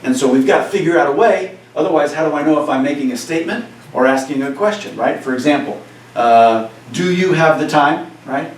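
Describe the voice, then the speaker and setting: A man's voice: a little high, fast talker, slight background noise. Echoey distant male teacher in a classroom. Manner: conversational, frequent "right?" check-ins. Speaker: Spanish teacher. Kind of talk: classroom lecture. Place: classroom, recorded for cameras.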